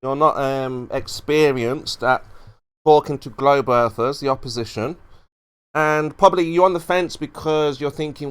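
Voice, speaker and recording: Persuasive, lecturing man, smooth voice. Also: mid-range voice, unhurried, a bit bright. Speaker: flat earth debater. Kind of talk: casual voice chat.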